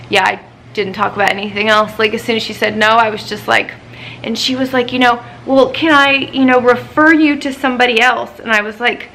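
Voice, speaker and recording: A woman's voice: mid-range voice, creaky, sharp tone, slight background noise, rough recording. A woman vlogger chatting casually, venting her frustration over a doctor's appointment after a week of crying. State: upset, recently crying. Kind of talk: casual chat.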